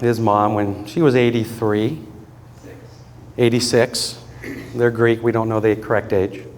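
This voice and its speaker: A man's voice: medium pitch, big-room sound, slight background noise. Man telling stories in a eulogy. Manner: storytelling, often breaking into laughter, earnest. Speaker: son giving a eulogy. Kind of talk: funeral eulogy with personal stories. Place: funeral gathering in a room with mourners.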